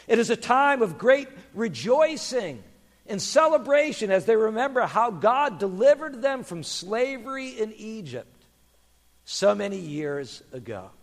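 A man voicing a calm, gentle mother donkey in a storybook reading, speaking in a soothing, explaining way. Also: sits high, in a large hall, voice pushed up, full character voice.

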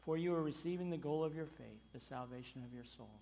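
In a church, a male pastor preaches fast in a fairly high, gravelly voice. He surges emphatically on key words, then sinks low and quiet, and a long reverb from the large hall trails every phrase.

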